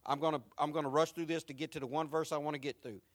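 A man preaching a sermon, moving from quiet, reflective lines to loud, repeated build-ups. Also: fairly high pitch, fairly even intonation, quick pace, no echo. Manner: swings from quiet to rising, repetitive preaching. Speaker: pastor.

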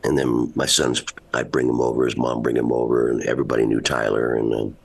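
A man's voice: extremely low pitch, flat delivery, a little fast, creaky. A man in his seventies, a rock musician, telling rambling stories in a casual interview and laughing often. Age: 70s.

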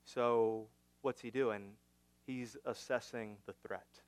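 Smooth-voiced male pastor preaching. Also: mid-range voice, steady tone, slow pace. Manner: teaching, rhetorical questions to the congregation; swings from emphatic to hushed. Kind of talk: sermon.

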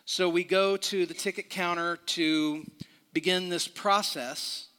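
Middle-aged pastor in a reverberant hall. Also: male voice, sits high, steady tone, slow, sharp tone, clear, resonant tone. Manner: conversational, repeats words and restarts, asks the room questions. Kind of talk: sermon with a personal story.

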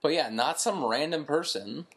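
Low-voiced laid-back woman co-host. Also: fairly bright tone. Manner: dry, laid-back, quick agreeing interjections. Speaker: podcast co-host. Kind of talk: casual chat.

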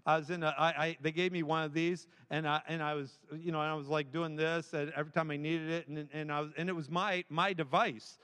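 Speaking briskly with few pauses, a guest preacher delivers a sermon in a large church sanctuary. His voice is a little high, steady, fairly bright, clear, and resonant, and he drives his points home through emphatic, repeated phrases. The hall's long reverb carries every word.

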